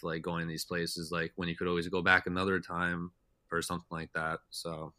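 A man's voice: low-pitched, flat delivery, brisk, bright, forceful tone, no echo, clean studio sound. A young man telling stories as a podcast guest in a loose, rambling way, full of "like" and "uh". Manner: rambling, heavy with "like" and "uh" fillers. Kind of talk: casual storytelling chat.

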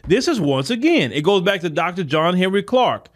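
A man's voice: sits high, big pitch swings, normal speed, hardly any pauses. A man hosting a podcast, talking in a casual, emphatic monologue straight to his listeners. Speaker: podcast host.

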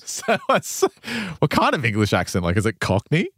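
A man hosting a casual talk show, retelling a strange tale in an animated way with frequent laughs. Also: lowish voice, moderate pace, no echo. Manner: animated retelling, laughs often, loose fillers. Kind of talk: casual storytelling chat.

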